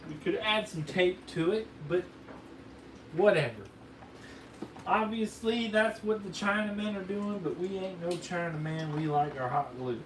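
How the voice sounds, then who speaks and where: A high-pitched man speaks at a measured pace, hosting a fireworks video in an exaggerated Southern drawl. He jokes and rambles in a folksy way through a hands-on demo for the person filming. The camera mic gives roomy, distant sound with faint noise.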